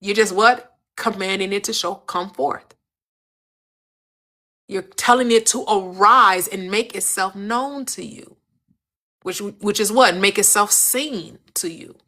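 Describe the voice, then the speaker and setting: A woman's voice: mid-range voice, slow pace, bright, forceful tone. A woman giving a spiritual teaching in an emphatic, preacherly cadence, repeating phrases and asking rhetorical questions.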